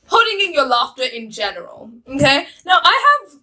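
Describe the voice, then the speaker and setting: High, lively, giggly young woman vlogger. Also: moderate pace, poor audio. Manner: giggly, rambling, chatty with many fillers. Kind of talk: casual storytelling to camera.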